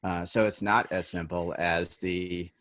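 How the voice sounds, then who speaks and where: Reflective male interview host, low voice, dry close sound. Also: steady tone, unhurried, fairly bright tone, no echo. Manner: reflective, affirming. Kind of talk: casual interview.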